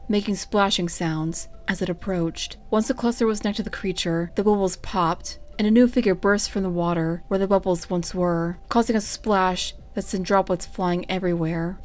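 A woman's voice: mid-range voice, darkish tone. Woman reading fanfic aloud. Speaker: fanfic reader. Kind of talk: fanfiction read-aloud narration.

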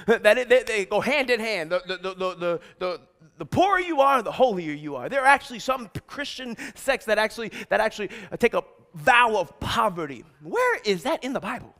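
A middle-aged man preaching a sermon, energetic and exhorting, calling out lines for the congregation to repeat and shouting emphatic points. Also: sits high, a little fast. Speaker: pastor.

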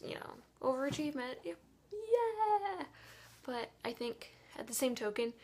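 Young woman vlogger, exhausted, hushed half-whisper, rambling frustrated venting. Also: on the high side. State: tired. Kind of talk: casual vlog monologue.

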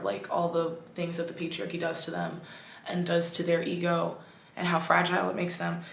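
A woman hosting a podcast, talking in a casual, animated monologue full of "like"s and restarts. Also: on the low side, gravelly, roomy sound, slight background noise. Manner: animated, chatty, many "like"s and restarts. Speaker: podcast host.

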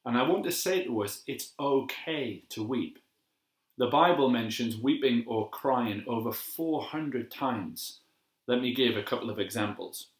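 Gentle man giving a sermon, echoey room. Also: mid-range voice, lively intonation. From England. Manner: gentle, measured and reflective, with slow emphatic repetitions. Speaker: pastor. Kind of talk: devotional sermon.

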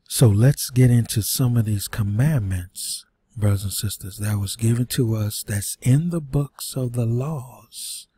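Man preaching scripture in a husky, dark voice. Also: medium pitch, no room sound. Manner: earnest, reads scripture aloud, rhetorical questions. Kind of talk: scripture teaching.

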